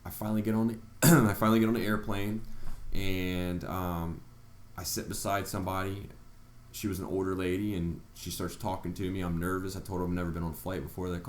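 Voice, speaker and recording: Deep-voiced man telling his story. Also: steady tone, brisk, roomy sound, a little hiss or hum. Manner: earnest, retelling events with quoted reactions. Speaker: vlogger. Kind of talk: personal storytelling vlog.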